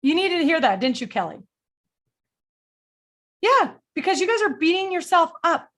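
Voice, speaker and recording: A middle-aged woman leading a group coaching call, energetic and blunt, motivational, with casual swearing. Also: very high voice, normal speed. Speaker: sales coach.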